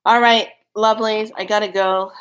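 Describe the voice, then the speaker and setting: A woman's voice: medium pitch, little pitch movement, normal speed, fairly bright tone, clean tone. Playful spiritual woman vlogger. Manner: playful, laughs often, affectionate sign-offs. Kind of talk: casual spiritual chat to viewers.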